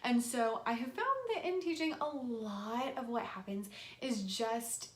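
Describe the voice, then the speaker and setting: A woman's voice: unhurried, reverberant. A young woman, an elementary music teacher, casually explaining a classroom lesson and acting out how she talks to her students. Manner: enthusiastic, acts out her classroom voice with big pitch jumps.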